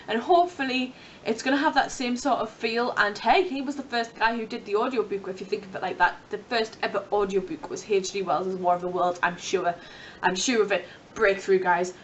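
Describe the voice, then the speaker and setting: A woman's voice: medium pitch, highs cut off, a little hiss or hum. Chatty woman, bit distant. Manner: chatty, rambling, playful. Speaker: book vlogger. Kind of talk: casual chat to camera.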